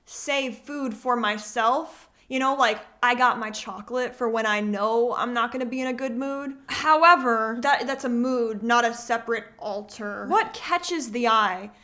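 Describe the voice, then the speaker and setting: A woman hosting reaction commentary, sarcastic and animated, quick to laugh at her own points. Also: on the high side. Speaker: commentary host.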